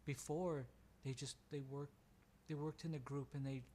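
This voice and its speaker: A man narrating a tabletop game as game master, halting and restarting often. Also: mid-range voice, steady tone, mellow, a little hiss or hum.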